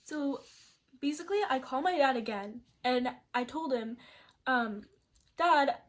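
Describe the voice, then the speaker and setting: A woman's voice: high voice, animated, a little slow. A young woman from Seattle telling a story to camera in casual storytime style, rambling with lots of "like" and restarts. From Seattle, USA. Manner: rambling, full of "like" fillers and restarts. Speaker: vlogger.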